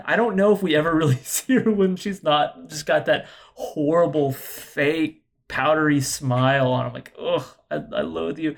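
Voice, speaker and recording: A man chatting on a podcast about a film, acting out his own reactions with lively, restarting speech. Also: a little high. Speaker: podcast co-host or guest. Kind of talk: casual podcast film discussion.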